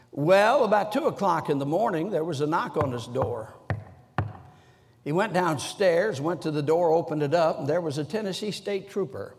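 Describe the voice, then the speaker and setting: A man preaching a sermon, telling stories with sudden shouts and slow, drawn-out phrases. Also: fairly high pitch. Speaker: guest preacher. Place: large church sanctuary. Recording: echoey church hall.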